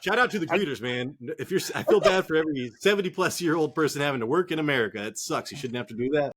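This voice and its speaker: A man's voice: fairly high pitch, animated, fast, fairly bright tone. A man co-hosting a fantasy football show from a cold garage, rambling and joking with plenty of swearing. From Northern California. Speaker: podcast co-host. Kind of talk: casual profane sports chat.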